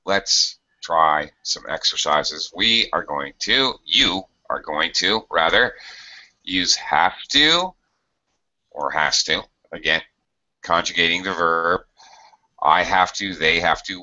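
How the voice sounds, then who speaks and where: Man, English teacher, slow patient explaining, bright tone, dull lo-fi audio. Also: deep voice. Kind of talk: online grammar lesson.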